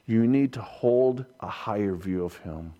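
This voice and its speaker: Slow, emphatic male preacher. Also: lowish voice, dark tone. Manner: emphatic, repeats key lines for weight. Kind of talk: sermon.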